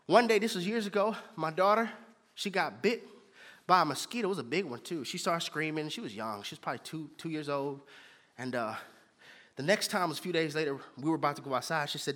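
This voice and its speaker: A man preaching a sermon. He moves between hushed, whispered lows and loud, almost sung peaks. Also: quick pace. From Houston, Texas. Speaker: pastor. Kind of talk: sermon with prayer.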